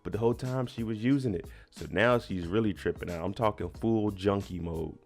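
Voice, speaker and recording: A man's voice: on the low side, brisk, a little mellow, faint music behind. A man casually recapping a TV episode, retelling it emphatically with slang. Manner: chatty, emphatic retelling with slang and little laughs. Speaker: TV recap host.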